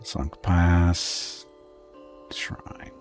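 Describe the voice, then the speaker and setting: A man's voice: low-pitched, flat delivery, drawn-out words, soft background music. A man streaming a video game, thinking aloud in offhand, muttered commentary. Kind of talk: casual gameplay commentary.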